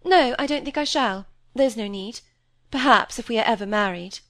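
A woman's voice: on the high side, a bit bright, no echo, studio quality, voice pushed up. Woman reading Cynthia, breezy young woman. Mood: light. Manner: breezy, quick to dismiss. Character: lively teasing young woman, flippant.

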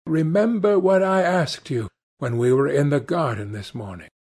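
A man's voice: a little high, moderate pace, darkish tone, husky, voice pushed up. A man voicing an anxious, earnest painter who pleads sorrowfully. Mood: pleading.

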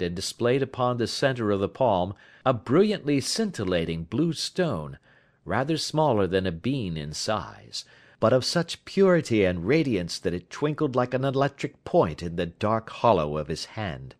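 Man narrating an audiobook with a lively voice. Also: lowish voice, normal speed. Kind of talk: scripted narration.

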